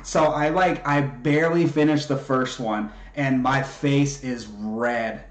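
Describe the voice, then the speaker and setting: A man telling a story in casual chat, profane and animated, acting out what everyone said. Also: mid-range voice, slow pace, reverberant. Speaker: podcast co-host.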